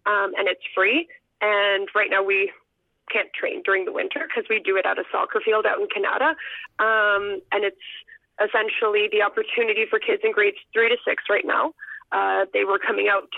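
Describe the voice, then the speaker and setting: Woman with a gravelly voice on a phone line. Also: mid-range voice, little pitch movement, normal speed, no echo. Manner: hesitant, many ums, laughs softly. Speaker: guest. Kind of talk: phone interview storytelling.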